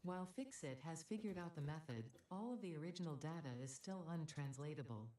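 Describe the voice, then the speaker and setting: A woman voicing a cheery corporate AI assistant in a game, calm and announcing with dry politeness. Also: deep voice, brisk. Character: cheery corporate female AI, coldly dutiful. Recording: roomy, distant game audio.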